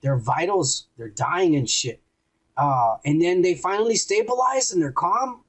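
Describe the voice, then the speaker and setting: A male podcast co-host recaps an episode in crude, rambling casual chat full of profanity, acting out quotes as he goes. His voice is high-pitched and a bit bright, and he speaks unhurriedly. The audio quality is poor.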